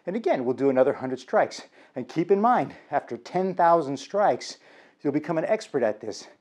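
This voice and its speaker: Male aikido instructor, energetic and encouraging, slightly high and warm-toned. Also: moderate pace. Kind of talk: instructional vlog.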